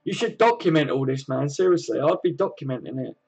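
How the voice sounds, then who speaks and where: A man's voice: a little high, lively intonation, a little fast, vocal fry, a little mellow, slightly rough, poor audio. A man hosting a fan live stream, reading viewer comments aloud and chatting back in a laid-back, slangy way.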